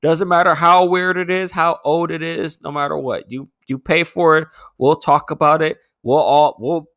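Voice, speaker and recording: A man's voice: on the high side, fairly even intonation, moderate pace, fairly bright tone, no echo, studio quality. A slightly drunk man co-hosting a podcast, rambling, swearing and laughing in casual banter. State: a little drunk. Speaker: podcast co-host.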